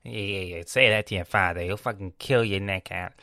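Young London man for a podcast rant: gravelly voice, dry close sound, slangy and sweary, acts out family members. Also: low-pitched, a little fast, pushed and bright, no echo. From England. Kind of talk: casual ranting monologue.

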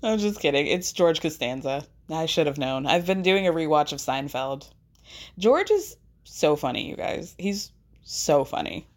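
A woman hosting a podcast in casual chat, chatty and animated, laughing often as she talks. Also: deep voice, unhurried. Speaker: podcast host recapping a reality show.

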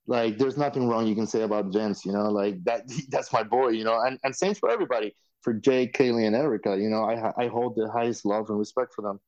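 Man, podcast guest, excitable and effusive, swears casually, muffled lo-fi recording. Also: lowish voice, fairly quick, few pauses. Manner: effusive, excitable, loose and profane. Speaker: reality show alumnus guest. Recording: dull lo-fi sound.

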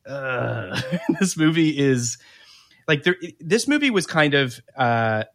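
A man's voice: on the high side, sing-song, a little slow. A man co-hosting a podcast in casual chat, opinionated and prone to stammering restarts. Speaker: podcast co-host.

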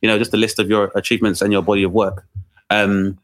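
A man asking interview questions in a halting way, searching for words and restarting often. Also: lowish voice, flat delivery.

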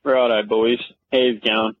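A man's voice: fairly low pitch, little pitch movement, moderate pace, no room sound. A man with an Australian accent leaves a matter-of-fact voice message for a podcast. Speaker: listener sending a voice message. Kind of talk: recorded voice message. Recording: tinny phone recording.

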